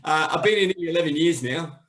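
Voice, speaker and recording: A man's voice: fairly high pitch, quick pace, fairly bright tone. An Australian man, a PE teacher, chatting in a jokey way on a video call. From Adelaide, Australia. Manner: jokey, laughs easily. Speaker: club member and PE teacher. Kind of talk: casual chat on a video call.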